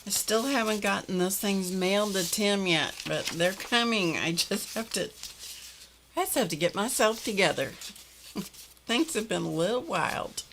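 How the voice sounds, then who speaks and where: Unhurried older woman chatting with viewers. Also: mid-range voice, animated, fairly bright tone, slight background noise. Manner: chatty, laughs often, talks to viewers by name. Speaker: livestream host greeting viewers. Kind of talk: casual chat reading viewer comments.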